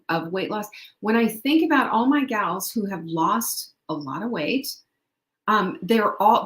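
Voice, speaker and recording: A woman's voice: medium pitch, reverberant. A middle-aged woman hosting a motivational podcast, upbeat and chatty, full of rhetorical questions. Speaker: podcast host. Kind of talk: motivational talk.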